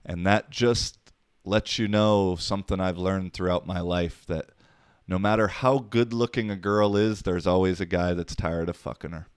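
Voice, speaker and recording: Low-voiced man ranting casually, dry sound. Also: steady tone, moderate pace, clear, resonant tone, no echo. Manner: rambling, profane and wisecracking. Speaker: podcast host. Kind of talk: casual solo podcast monologue.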